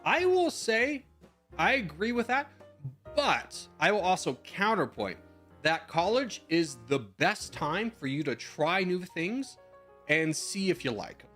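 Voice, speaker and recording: A man's voice: high voice, very animated, measured pace, sharp tone, faint music behind. A man in his twenties, a streamer in casual chat, giving rambling advice with slang and the odd swear while answering viewer messages.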